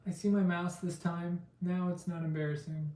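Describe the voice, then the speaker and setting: A man's voice: high voice, flat delivery, normal speed, dark tone. A man hosting a casual live stream, chatting with viewers and reading card names aloud. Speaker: live-stream host opening trading card packs. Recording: roomy, distant mic with faint noise.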